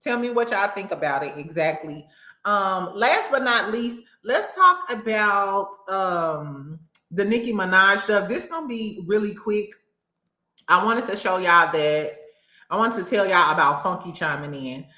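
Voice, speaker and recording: A woman hosting a casual recap show, animated and laughing often as she acts out what people said. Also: medium pitch, a little slow, reverberant. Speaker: host.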